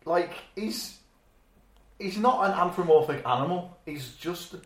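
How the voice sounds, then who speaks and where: A man hosting a casual podcast interview, asking relaxed, chatty questions. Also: high voice, a little slow. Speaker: podcast host. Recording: roomy echo.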